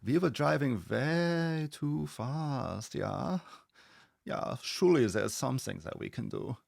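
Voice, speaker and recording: Brief: man doing an over-the-top German accent, a flamboyant pleading driver, slow and soft. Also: mid-range voice, expressive, creaky, no room sound, clean studio sound, pitched above the performer's own voice, full character voice. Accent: German, put on. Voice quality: exaggerated, flamboyant.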